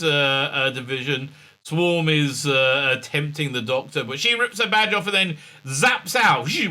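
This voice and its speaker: Male reviewer, sarcastic and rambling, bright tense tone, slightly high pitch. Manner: sarcastic, rambling, acts out quotes in high squeaky voices; many fillers and hesitations. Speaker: reviewer and show host. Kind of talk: casual review recap.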